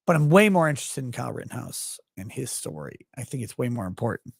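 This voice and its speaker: A man with a gravelly, creaky voice hosts a live stream from a close mic, reading chat messages aloud in a sardonic, joking way. His delivery jumps between loud bursts and muttered asides. The sound is dry and close, with no room echo. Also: mid-range voice, lively intonation, quick pace. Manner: sardonic, jokey, with sudden loud outbursts and quiet asides. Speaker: show host.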